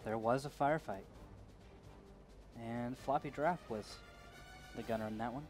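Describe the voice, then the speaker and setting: A man's voice: medium pitch, normal speed, darkish tone, soft background music. A man doing color commentary on an esports match, goofy and jokey, with dry asides. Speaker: esports co-caster.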